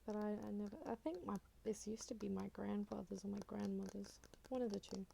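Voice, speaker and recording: Gravelly soft-spoken Australian woman. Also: mid-range voice, fairly even intonation, a little fast, slight background noise. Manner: rambling, chatty, drifting in and out of whisper. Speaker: ASMR creator. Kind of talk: soft-spoken ASMR chat.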